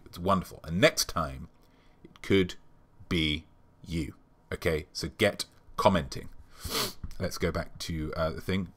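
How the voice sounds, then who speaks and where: Bright-toned man rambling comically. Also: low-pitched. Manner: rambling, deadpan, with many filler ums. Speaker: show host. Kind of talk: comic monologue.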